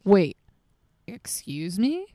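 A woman's voice: medium pitch, very animated, very slow, warm tone. A young woman chatting casually as a co-host, blunt and sarcastic, swearing freely. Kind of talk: casual chat. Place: Los Angeles area, late at night outdoors.

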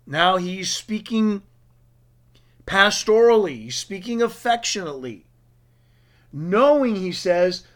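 A man preaching a sermon for radio, slow and emphatic, drawing out key words. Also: sits high, expressive. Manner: slow, emphatic, drawn-out stresses.

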